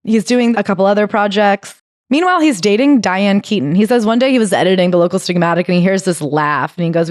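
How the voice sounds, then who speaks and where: A woman's voice: medium pitch, animated, fast talker, no room sound, studio quality. A woman co-hosting a book club podcast, recapping a memoir in casual chat and swearing now and then. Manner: reads quotes aloud and swears casually. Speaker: podcast co-host.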